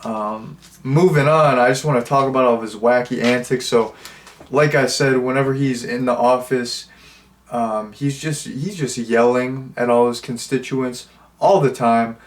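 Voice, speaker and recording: A man's voice: medium pitch, measured pace. A man giving a casual, rambling movie review, full of fillers and restarts and jokes at his own expense. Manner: self-mocking, lots of fillers and restarts.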